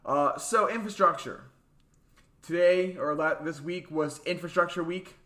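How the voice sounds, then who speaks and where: A young man co-hosting a casual political chat, chatty and quick to laugh, with mocking asides. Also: fairly high pitch, sharp tone. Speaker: podcast co-host.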